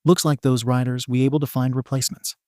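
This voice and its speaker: A man's voice: medium pitch, flat delivery, fast talker, warm tone, dry recording, studio quality, natural voice. A man voicing a brash, impatient young male villain in a storybook reading. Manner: brash, insulting.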